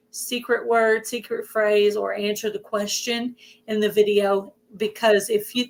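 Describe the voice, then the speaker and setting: Hosting a laid-back livestream chat, this Southern US woman speaks at a medium pitch in a hoarse voice. She keeps up a steady stream of chatter and welcomes viewers by name.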